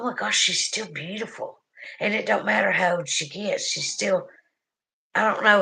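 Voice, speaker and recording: A woman's voice: medium pitch, gravelly, a bit bright, poor audio. A middle-aged woman with an Alabama Southern accent, hosting a casual livestream and talking affectionately to viewers in chat with folksy, drawling phrases. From Southern United States. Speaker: livestream host.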